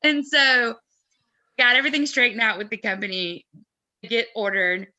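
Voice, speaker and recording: A woman in a casual live chat, telling an anecdote in an animated, chatty way. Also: on the high side, normal speed. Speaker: co-host of a fan merch live chat.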